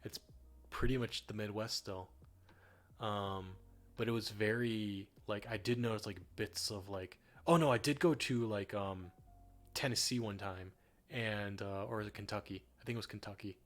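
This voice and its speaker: Low-voiced rambling young man, swearing. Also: moderate pace. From northern United States. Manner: rambling, swears freely, many fillers. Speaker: streamer. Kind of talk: casual chat while painting on a livestream. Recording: faint music behind.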